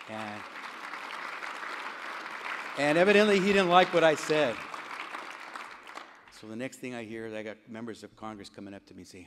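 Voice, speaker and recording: Animated middle-aged man speaking in a hall. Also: on the low side, brisk, vocal fry, long pauses, a crowd in the background, noisy background. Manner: animated storyteller, voice jumping up and down when quoting others. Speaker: congressman giving an award speech. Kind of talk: storytelling speech at a gala. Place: large banquet hall. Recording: long hall reverb.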